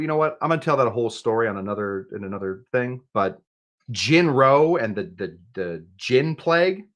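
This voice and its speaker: A man's voice: on the low side, dull audio. A man hosting a casual livestream cocktail demo, chatty, with jokey asides and frequent restarts. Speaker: bartender and show host.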